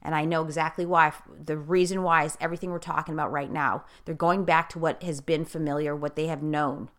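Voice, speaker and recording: A middle-aged woman hosting a conversation, earnestly telling a personal story with animated bursts and frequent restarts. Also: deep voice, brisk. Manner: earnest, animated storyteller who repeats herself and speeds up in bursts. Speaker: host.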